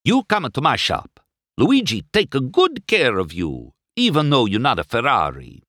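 A man doing a tire-shop car, eager salesman, high bright voice, dry sound. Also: huge pitch swings, moderate pace, no room sound, heavily acted. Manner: eager salesman, broken English. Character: enthusiastic old male tire-shop car.

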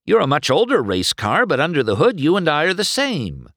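A man's voice: fairly high pitch, wildly swooping pitch, brisk, fairly bright tone, dry recording, studio quality, pitched above the performer's own voice, full character voice. A man voicing a brash, cocky young male race car who talks in an eager, insistent way. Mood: eager pleading.

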